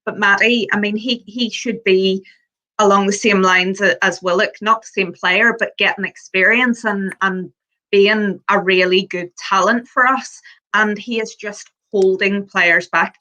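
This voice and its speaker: Woman co-host, bright tone, earnest thinking-aloud football chat. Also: mid-range voice, steady tone, a little slow, rough recording. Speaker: podcast co-host. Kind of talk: casual football banter.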